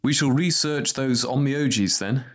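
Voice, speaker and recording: A man voicing a calm, wary warrior. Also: mid-range voice, measured pace, pitched above the performer's own voice.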